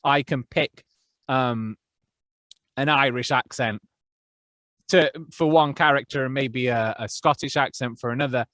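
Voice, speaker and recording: A man's voice: mid-range voice, a little slow, pauses often, a bit bright, no echo. A young man who narrates audiobooks, talking casually as a podcast guest and thinking aloud with frequent restarts. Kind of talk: casual interview chat.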